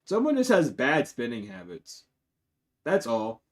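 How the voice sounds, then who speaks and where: Guy doing a tarot reading on a phone stream, cusses a lot, jumps from loud to mumbly. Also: huge pitch swings, unhurried. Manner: blunt and profane, swinging between loud outbursts and low mutters. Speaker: tarot reader.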